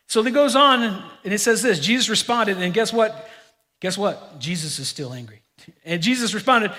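A middle-aged man preaching a sermon to his congregation, animated and joking with them in asides. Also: high-pitched, moderate pace. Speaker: pastor. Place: church sanctuary. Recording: long reverb of a large hall.

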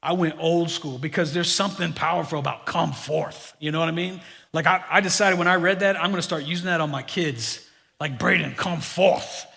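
A middle-aged man preaching a sermon to his congregation, animated and joking with them in asides. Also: on the high side, fairly quick, gravelly. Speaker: pastor. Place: church sanctuary. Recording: long reverb of a large hall.

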